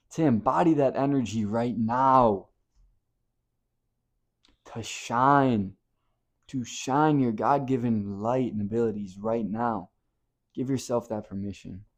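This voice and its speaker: A man giving a motivational talk to camera, blunt and impassioned, swinging from hushed to loud and swearing casually. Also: medium pitch. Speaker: motivational speaker.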